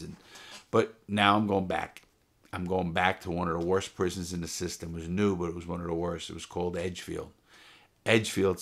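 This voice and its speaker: A man's voice: low voice, creaky, a bit bright. A middle-aged man telling stories casually to camera, blunt and swearing freely, often restarting his sentences. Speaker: storyteller of his own past. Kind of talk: casual profane storytelling to camera.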